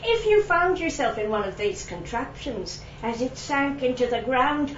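A woman's voice: high voice, big pitch swings, normal speed, hardly any pauses, slight background noise. A woman reading a comic rhyming poem in a Belfast accent, with a playful, lilting delivery. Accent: Belfast (put on). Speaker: open-mic poet. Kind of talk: humorous poetry reading. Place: echoey venue, live event. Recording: echoey room, distant, dull sound.

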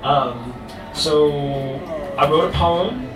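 A young man with an American accent reads poetry to a live crowd, his voice sitting a little higher than usual for a man. He trades halting, self-deprecating asides for slow, careful delivery in the poems. The sound is roomy and picked up from a distance, with music clearly audible behind him. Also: big pitch swings. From United States. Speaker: poet. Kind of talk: live spoken word poetry reading. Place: stage in a live venue with an audience.

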